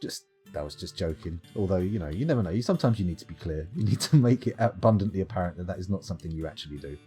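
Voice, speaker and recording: A man streams a game live, joking and rambling while reading out chat. His low, mellow voice swings up and down a lot, with a husky edge. Soft music plays faintly behind him. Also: animated, very fast. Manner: jokey, rambling, reads chat aloud. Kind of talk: casual live-stream commentary.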